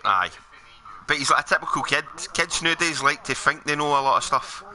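A man's voice: a little high, fairly quick, pushed and bright. A Scottish man streaming a game, chatting casually and giving his opinions with plenty of swearing. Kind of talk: casual chat while gaming.

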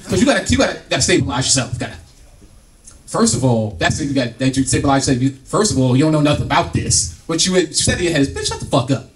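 A middle-aged man performing stand-up, loud and profane, his pitch jumping all over as he acts out family scenes. The voice sits a bit above the usual for a man and sounds slightly distant from the mic. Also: lively intonation, rapid-fire, a little hiss or hum. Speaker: stand-up comedian. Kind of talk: stand-up comedy set. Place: comedy club stage with live audience.

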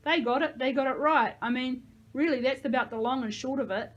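A drunk, high young man , put on by a woman reading aloud, slurs his way through loud, overly jolly talk. His voice sits noticeably higher and louder than the reader's own. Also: moderate pace, lo-fi sound, lightly acted. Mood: rambling.

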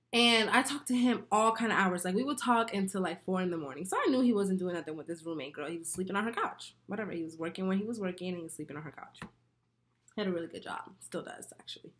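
A woman vlogger chatting casually while doing her makeup, telling a story in an animated, profane way with frequent laughter. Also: mid-range voice. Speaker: beauty vlogger.

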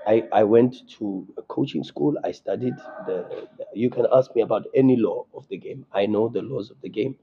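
A man's voice: on the low side, normal speed, few pauses, slightly rough, highs cut off. A South African man, a football coach at a post-match press conference, speaking with passion and frequent stammering restarts. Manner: impassioned, repetitive, stammering restarts.

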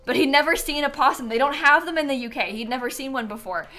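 A young adult woman chatting casually on a live stream, animated and prone to breaking into laughter. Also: sits high, fast talker.

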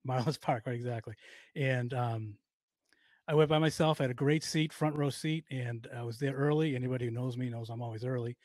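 Fast-talking Boston man hosting a podcast. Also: mid-range voice, no echo. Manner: rambling, excitable storyteller. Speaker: podcast host. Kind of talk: casual interview chat.

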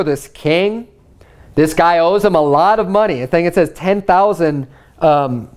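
A man's voice: sits high, darkish tone. A man pastor giving a sermon, reading scripture aloud and retelling it in casual everyday speech. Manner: conversational preaching, paraphrasing scripture in everyday speech; reads scripture aloud in archaic wording.

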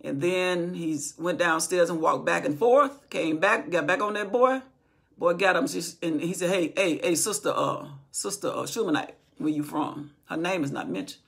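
A woman's voice: lowish voice, moderate pace, creaky, husky. A woman telling a Bible story from memory in an informal teaching style, acting out what the people in it say. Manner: retells from memory, acting out quoted speech.

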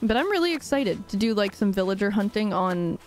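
A young woman chats casually on a live game stream with faint game music behind her. Her mid-range voice is brisk with big pitch swings, and she rambles, laughs often, and lets out dramatic sighs.

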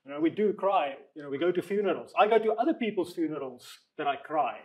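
A man leading a group Bible discussion in a conversational way, reading scripture aloud slowly and asking the group questions. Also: a little high, expressive, poor audio. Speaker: Bible study leader.

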